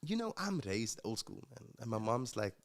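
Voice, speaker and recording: A man from Africa, a podcast guest telling his story in a casual, reflective way, pausing with fillers and restarts. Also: mid-range voice, big pitch swings, creaky. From South Africa.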